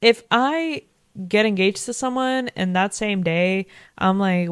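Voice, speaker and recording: A woman's voice: medium pitch, takes it slowly, clean tone, no echo. A young woman in her twenties casually recapping a TV episode, chatty and full of fillers, swearing freely. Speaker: vlogger.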